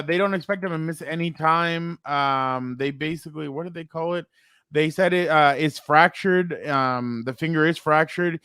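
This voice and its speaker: A man's voice: medium pitch, a bit bright, smooth, no room sound, clean studio sound. A man co-hosting a sports podcast, chatting casually and rambling with lots of fillers and restarts.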